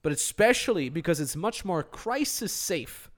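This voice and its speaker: A man co-hosting a business podcast in casual, energetic chat, with jokey asides. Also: sits high, moderate pace. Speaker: podcast co-host.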